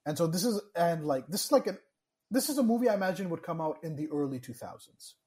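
A man's voice: on the high side, sing-song, quick pace, darkish tone. A man co-hosting a casual podcast chat, ranting with exasperation and swearing often. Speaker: podcast co-host.

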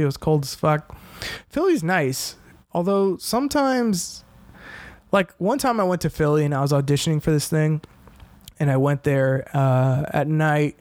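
Man, comedian and podcast host, slightly high voice, rambling, profane, self-mocking, dry close sound. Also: a little mellow, no echo. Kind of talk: casual solo podcast monologue.

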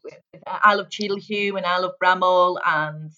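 A woman's voice: fairly low pitch, fairly even intonation, moderate pace, pushed and bright. A woman in her forties with a light Merseyside accent, an effusive hypnotherapist chatting as an interview guest. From Merseyside, England. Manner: effusive, gushing, laughs often. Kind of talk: casual interview chat. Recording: dull lo-fi audio.

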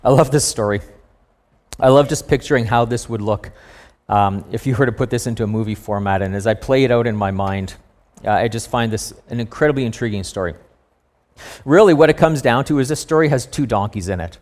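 A man preaching to a congregation, retelling a scripture story in an animated way. He breaks into humorous asides and voiced reactions, and his pitch sits right in the ordinary middle for a man. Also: brisk. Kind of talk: sermon.

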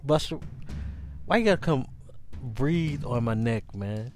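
A man hosting a podcast, talking in a casual, animated, rambling monologue with many restarts. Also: medium pitch, a little slow, faint music behind. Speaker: podcast host.

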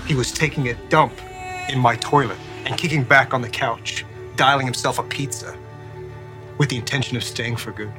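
An actor playing a reformed gangster priest. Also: male voice, mid-range voice, fairly even intonation, moderate pace, close to an everyday voice. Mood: earnest. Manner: earnest, telling a colorful story. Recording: film clip over music.

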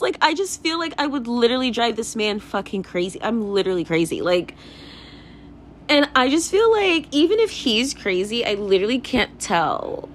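A woman's voice: medium pitch, a little hiss or hum. A young woman hosting her own podcast, rambling in a casual confessional rant, swearing freely and laughing often. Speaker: podcast host.

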